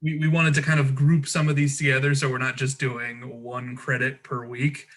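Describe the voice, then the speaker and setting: Bright-voiced joking male podcast co-host. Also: mid-range voice, level tone, normal speed. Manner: chatty, joking, frequent fillers and restarts. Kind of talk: casual podcast chat.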